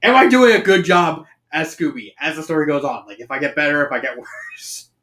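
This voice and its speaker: A man's voice: fairly high pitch, brisk, a bit bright, reverberant. A chatty man hosting a fan fiction reading, commenting casually and laughing at himself.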